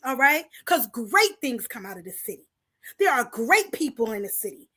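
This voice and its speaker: Woman host from Paterson, New Jersey, impassioned preacher-style address to the community, bright and sharp voice. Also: on the high side, sing-song, normal speed, husky. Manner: preachy call-and-response, rallying the audience; talks straight to the viewers, repeating lines for emphasis. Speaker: host of a community talk show.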